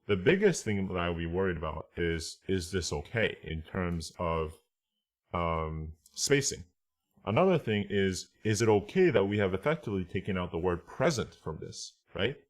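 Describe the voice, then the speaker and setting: In a relaxed online translation class, a deep-voiced man goes slowly through each point, reading Japanese phrases aloud. He keeps checking on his listeners with "right?" and "okay?"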